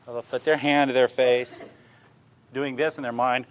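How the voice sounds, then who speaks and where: An older police detective addresses a class informally, telling plain, anecdote-filled stories and checking in with his audience. His voice is medium-pitched and steady, and he speaks a little slowly.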